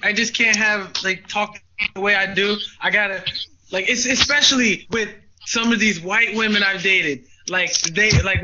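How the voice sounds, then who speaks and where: A man's voice: high voice, bright, forceful tone. A man in casual podcast chat, talking loosely, cursing freely and laughing. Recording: dull lo-fi with faint hiss.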